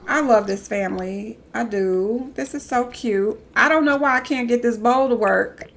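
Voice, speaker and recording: A woman's voice: fairly high pitch, a little slow. A young woman chatting casually while live-streaming a game, talking back to the characters on screen.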